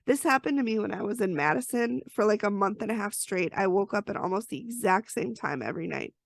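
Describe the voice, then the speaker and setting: A woman's voice: mid-range voice, expressive, fast talker, creaky, no room sound. A woman hosting a podcast, recapping an episode in a chatty, storytelling way with personal asides. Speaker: podcast host.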